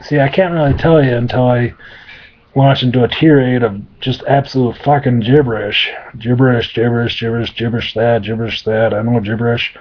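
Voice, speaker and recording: A man's voice: medium pitch, fairly even intonation, fairly quick, close to an everyday voice. A man putting on a babbling demon merchant. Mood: rambling. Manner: nonstop rhyming babble. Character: rambling male demon merchant, manic and crude. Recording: dull lo-fi sound.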